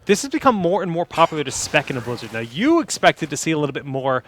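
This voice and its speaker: A young man casting an esports match play-by-play, joking between plays and rising to excited calls. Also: a little high, fast. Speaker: esports caster.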